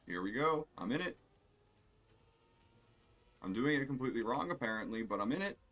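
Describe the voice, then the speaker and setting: A man's voice: mid-range voice, animated, moderate pace, fairly bright tone. A man streaming a racing game, rambling and swearing in casual commentary while he plays. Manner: rambling, profane, self-amused.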